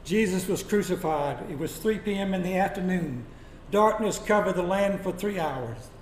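High-voiced preacher in an echoey room. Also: male voice, lively intonation. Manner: dramatic, slows down and drops to a hush for quoted lines. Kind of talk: sermon storytelling. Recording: echoey room with faint noise.

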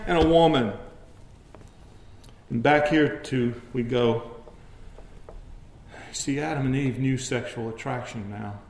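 A man preaching a sermon as pastor, dropping to hushed low asides and then rising into emphatic passages. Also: slow, pauses often, reverberant.

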